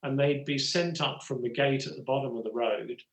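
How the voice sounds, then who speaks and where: An older Englishman, a guest actor and writer, rambles in a medium-pitched, fairly even voice at a moderate pace. He tells stories in a relaxed conversation, sprinkling in "you know" asides, in a roomy space.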